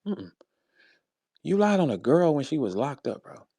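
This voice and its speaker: A man from St. Louis ranting in a heated, casual way, blunt and profane, swinging between low grumbles and sharp high-pitched outbursts. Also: big pitch swings, moderate pace, gravelly, breathy edge, no echo, clean studio sound. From St. Louis, USA. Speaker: rapper speaking in an audio chat room.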